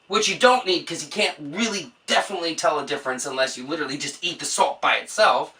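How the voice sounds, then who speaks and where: Bright-voiced woman on a profane rant. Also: low-pitched, fast, recorded from a distance. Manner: exasperated, swears a lot. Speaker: vlogger.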